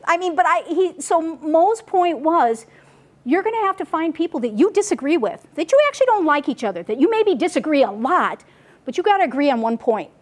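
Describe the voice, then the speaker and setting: A woman giving a casual, chatty report at a group meeting, animated and full of asides and restarts. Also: high voice, fairly quick. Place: meeting room.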